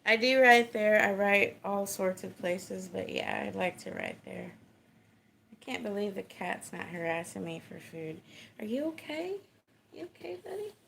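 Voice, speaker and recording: Slow-talking Texan woman, gravelly. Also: medium pitch, fairly bright tone, a little hiss or hum. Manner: laid-back, chatty, laughs often, swears, greets viewers. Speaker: livestreamer. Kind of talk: casual livestream chat. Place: small home, indoors.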